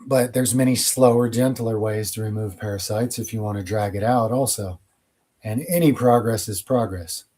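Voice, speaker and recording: A man's voice: on the low side, normal speed, a little mellow. A man hosting his channel, answering viewer questions in a casual, rambling monologue with blunt opinions.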